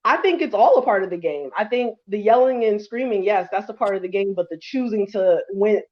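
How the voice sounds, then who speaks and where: A woman in her thirties co-hosting a casual podcast chat. She laughs often and acts out quotes in a plain, middle-pitched voice. The sound is slightly dull and lo-fi. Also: animated, fairly quick. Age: 30s. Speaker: podcast co-host.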